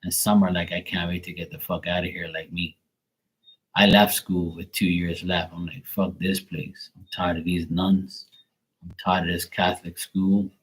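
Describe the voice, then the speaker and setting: A man in his late forties telling blunt, profane stories on a livestream, putting on higher, louder voices for the people he quotes. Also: flat delivery, normal speed, husky, low-quality recording. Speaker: livestream tarot reader. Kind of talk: casual livestream storytelling.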